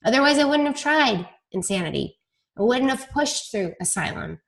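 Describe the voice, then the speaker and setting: A woman's voice: on the high side, lively intonation, moderate pace, vocal fry, a bit bright. Chatty self-deprecating woman leading a team call. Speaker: team leader on a coaching call. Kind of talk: casual team call talk.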